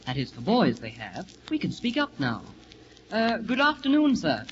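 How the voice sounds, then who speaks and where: An actor voices a polite, eager schoolboy with a lively, rising-and-falling delivery. The 1940s radio drama has a muffled, hissy sound. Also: male voice, high voice, normal speed. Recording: muffled 1940 radio broadcast with hiss.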